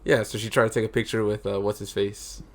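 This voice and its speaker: A man on a podcast, casually retelling a news story in a relaxed way and chuckling as he goes. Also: on the low side, fast talker. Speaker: podcast regular. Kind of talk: casual chat.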